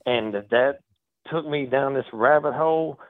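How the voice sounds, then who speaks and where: A man's voice: mid-range voice, unhurried, dry recording. A man calling in to a talk show, ranting in casual slang, repeating words and acting out what others say. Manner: animated, slangy, repeats words, acts out quotes. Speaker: caller. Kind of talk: casual call-in rant. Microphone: phone. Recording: tinny phone line.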